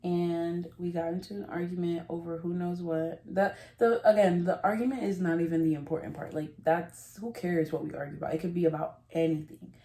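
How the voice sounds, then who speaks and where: A woman's voice: lowish voice, little pitch movement, a little fast, few pauses, warm tone. A woman vlogger telling a rambling, giggly story in casual confessional chat, often cutting herself off. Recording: roomy echo.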